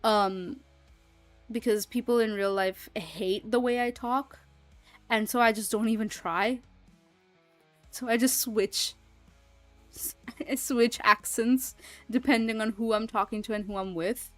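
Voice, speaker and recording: A woman's voice: on the high side, fairly even intonation, slow, long pauses, a bit bright, no room sound, faint music behind. A young woman streaming, chatting casually and rambling with lots of fillers and frequent laughs. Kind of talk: casual livestream chat.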